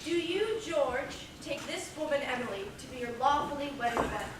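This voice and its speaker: A woman's voice: high-pitched, expressive, normal speed. Woman playing a wry, folksy minister. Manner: dry, musing, reflective. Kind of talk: stage acting. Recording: echoey hall, distant mic, noisy.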